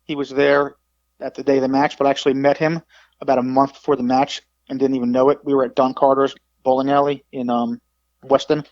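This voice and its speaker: A man in his forties, a podcast guest, tells his stories at a rapid clip, full of energy and quick to imitate the people in them. The sound is close and dry, with no room echo. The recording is dull and lo-fi. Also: mid-range voice. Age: 40s. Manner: animated, acts out quoted people in a raised voice. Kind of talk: casual storytelling.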